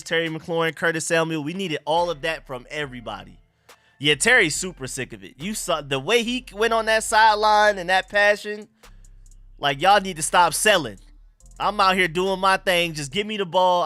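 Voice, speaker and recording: A man's voice: on the high side, bright, forceful tone, no room sound. Hyped young man reacting live. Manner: hyped, repeats phrases, slangy street talk. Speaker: sports live stream host. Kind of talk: excited live game reaction.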